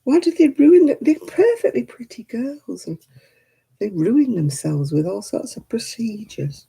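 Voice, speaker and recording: Slow, gravelly woman chatting. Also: fairly high pitch, very animated, warm tone, low-quality recording. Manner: chatty, grumbling about television, reads viewer comments aloud. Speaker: crafting livestream host. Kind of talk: casual chat with viewers while crocheting.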